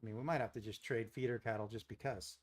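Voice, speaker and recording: A man's voice: fairly low pitch, steady tone, quick pace. A man hosting a live day-trading stream, thinking aloud through his trades and chatting with viewers. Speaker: day trading livestream host.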